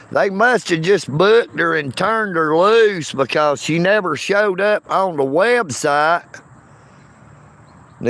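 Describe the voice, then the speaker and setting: Slow-drawling Southern man, high voice. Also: a bit bright. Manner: greets chat viewers by name in an easygoing drawl. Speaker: livestreamer. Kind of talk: casual live stream chat. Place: inside a car.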